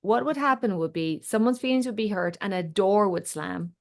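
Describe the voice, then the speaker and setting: An Irish woman leads a relaxed group coaching chat at a middle pitch. She talks things through freely, telling little stories and voicing the people in them. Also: moderate pace. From Ireland. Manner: chatty storyteller, acts out quoted speech. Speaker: voice and confidence coach.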